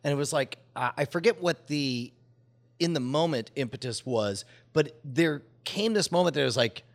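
A man in his forties telling a rambling story in casual chat, halting with restarts and laughter. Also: fairly high pitch, lively intonation.

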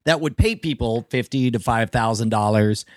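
A man's voice: medium pitch, moderate pace, no room sound, clean studio sound. A man co-hosting a podcast who tells rambling, laugh-filled anecdotes in casual comedic chat. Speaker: podcast co-host.

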